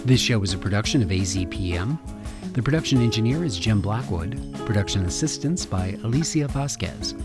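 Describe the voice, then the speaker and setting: A man, the host and producer of a radio arts program, reading scripted announcements in a measured, clear delivery. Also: lowish voice, animated, loud music behind the voice.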